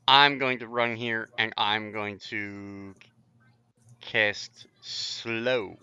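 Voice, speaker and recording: A man speaks slowly and hesitantly while he works out his turn at the gaming table. His voice is low but very bright and smooth, and the recording is dry and dull, lo-fi. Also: steady tone. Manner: hesitant, thinking aloud. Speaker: player. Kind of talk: casual tabletop game play. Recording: dull lo-fi sound.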